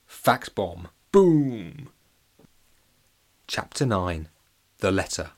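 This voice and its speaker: Man, children's audiobook narrator, playful and jokey, lively swinging voice. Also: low voice, extremely slow.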